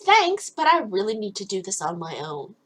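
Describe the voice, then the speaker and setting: Eine junge Frau liest beschwipst ein Visual Novel vor, plaudert locker, kichert viel und schweift ab. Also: female voice, mid-range voice, very animated, normal speed, rough recording. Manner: giggly, rambling. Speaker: let's play host. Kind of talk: tipsy casual game reading.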